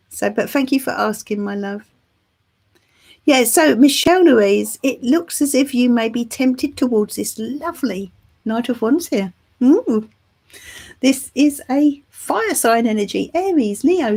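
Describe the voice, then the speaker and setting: A woman whose voice is on the high side, a little mellow and breathy-edged, reads tarot cards live for her channel. She's middle-aged, English and recovering from the flu, and she chats affectionately, calling her viewers "love" and "darling."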